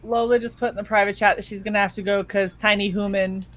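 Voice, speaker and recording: A woman co-hosting a relaxed stream, telling a comic story with lively quoted asides and plenty of casual swearing. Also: medium pitch, fast talker, crowd noise, rough recording. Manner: animated storyteller, swears freely, acts out quotes. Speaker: co-host of a chill stream. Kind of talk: casual chat.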